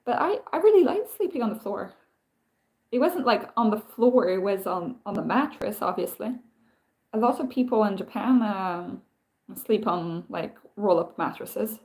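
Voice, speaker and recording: A woman's voice: mid-range voice, lively intonation, moderate pace, darkish tone. A woman chatting casually on a live stream, telling stories in a rambling way with many restarts and answering viewer comments. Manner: rambling, self-interrupting storytelling with many restarts.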